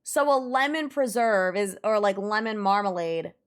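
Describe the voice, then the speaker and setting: A woman's voice: mid-range voice, lively intonation, moderate pace, clear, resonant tone. A young woman streamer in casual live-stream chat, musing aloud and reading search results. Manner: chatty and musing, reads search results aloud with frequent laughs.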